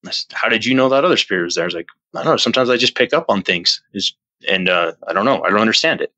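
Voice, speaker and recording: A man telling a personal story as a podcast guest, earnest and rambling, with many restarts, jumping up in pitch when he acts out his own past lines. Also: animated, rapid-fire, sharp tone, no room sound, highs cut off. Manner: earnest, rambling retelling with frequent restarts and fillers. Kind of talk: casual storytelling in an interview.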